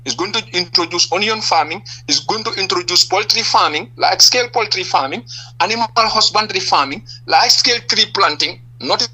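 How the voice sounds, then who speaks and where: A man's voice: high-pitched, brisk, bright, forceful tone, slightly rough, rough recording. A man with a Gambian accent, a political party leader giving impassioned answers in a radio interview, stressing point after point and firing rhetorical questions.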